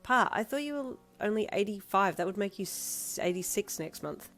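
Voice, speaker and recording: A woman's voice: medium pitch, lively intonation, moderate pace, fairly bright tone, faint music behind, voice pushed up. A woman voicing an awkward, flustered teenage girl who jokes at her own expense. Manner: flustered, self-mocking.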